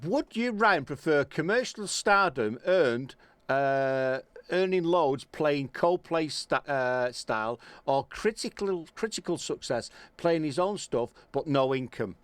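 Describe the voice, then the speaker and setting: A man's voice: on the high side, lively intonation, slow, clear, resonant tone, no echo. A man hosting a radio show, chatting casually with a guest, repeating himself and bantering. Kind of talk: casual interview chat.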